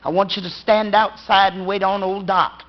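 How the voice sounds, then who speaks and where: A woman voicing a stern, grieving father who speaks low, hushed and firm. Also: fairly even intonation, moderate pace, lo-fi sound, natural voice.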